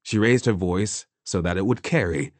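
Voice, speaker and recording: A man narrating a work of fiction in a measured, deliberate way. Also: low-pitched, dry recording. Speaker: audiobook narrator.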